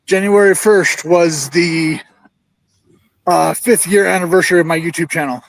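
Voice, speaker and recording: A man's voice: a little high, steady tone, moderate pace, vocal fry, no echo, low-quality recording. A man in casual video-call chat, a toy collector and store owner, out of breath and hesitant with many ums.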